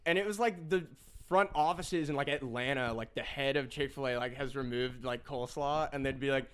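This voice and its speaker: A man's voice: medium pitch, brisk, smooth. A young man co-hosting a podcast, telling stories in a rambling casual way with lots of filler words and laughter. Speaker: podcast co-host. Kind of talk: casual chat.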